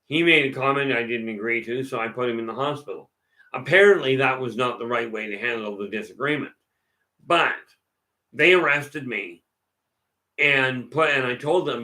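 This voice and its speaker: A man's voice: medium pitch, moderate pace, sharp tone. A man hosting a casual question-and-answer session, telling stories in a rambling way with many restarts. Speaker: host answering viewer questions. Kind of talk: casual live Q&A talk.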